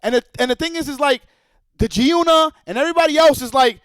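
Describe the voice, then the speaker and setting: High-voiced man ranting angrily. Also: quick pace, a bit bright, no room sound. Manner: angry, profane, repetitive. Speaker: streamer. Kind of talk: heated rant.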